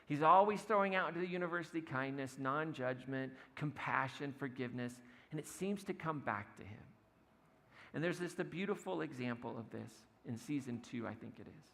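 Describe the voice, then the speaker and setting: A man's voice: medium pitch, a little fast, gravelly. A man preaching a conversational sermon as pastor, retelling a story in a casual, storytelling way. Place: church sanctuary. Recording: long hall reverb, soft music behind.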